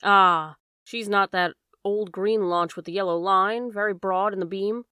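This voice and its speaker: A woman voicing a shrewd, measured male detective in an audiobook. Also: medium pitch, steady tone, smooth, dry recording, clean studio sound. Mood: calm. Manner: measured, courteous, quietly strategic. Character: cool, shrewd male detective, polite and probing.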